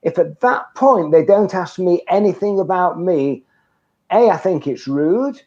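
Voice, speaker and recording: A man's voice: high-pitched, expressive, measured pace, mellow. An older man giving networking advice in an interview, talking emphatically and telling anecdotes. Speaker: guest, networking trainer. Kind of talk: conversational interview. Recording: dull lo-fi sound.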